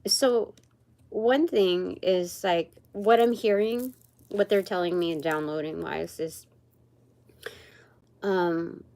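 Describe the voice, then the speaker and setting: A woman giving a livestreamed tarot reading in a slow, meandering way, pausing often and searching aloud for words. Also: lowish voice, warm tone. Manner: slow and meandering, many pauses and fillers. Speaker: tarot reader and channeler. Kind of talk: livestreamed spiritual card reading.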